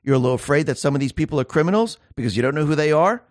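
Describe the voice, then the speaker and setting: A man's voice: fairly high pitch, expressive, racing, no echo, studio quality. A man hosting a solo political commentary show, speaking emphatically and firing off sarcastic rhetorical questions.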